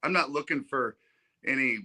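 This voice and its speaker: A man's voice: medium pitch, normal speed, pushed and bright. A man in his forties, a podcast guest, talking earnestly and humbly in a rambling way. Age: 40s. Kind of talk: casual chat.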